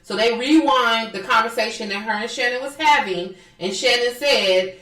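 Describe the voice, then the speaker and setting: Animated woman recapping reality TV, echoey. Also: on the high side, normal speed, far from the mic. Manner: animated, profane, mimics people in quotes. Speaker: podcast co-host. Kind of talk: casual chat recapping reality TV. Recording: echoey room, off mic.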